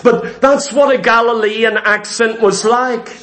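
A man with a notably high voice delivers a sermon. He preaches in an emphatic, repetitive rhythm and stretches out the words he stresses. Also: steady tone, measured pace, fairly bright tone.

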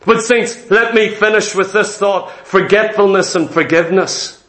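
A man's voice: high voice, normal speed, fairly bright tone, reverberant. A man preaching a sermon, often asking the congregation rhetorical questions.

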